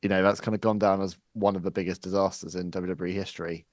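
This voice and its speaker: A man's voice: low-pitched, little pitch movement, quick pace, darkish tone, no room sound, studio quality. A man hosting a casual interview, speaking earnestly and reflectively as he leads into his questions. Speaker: interview host.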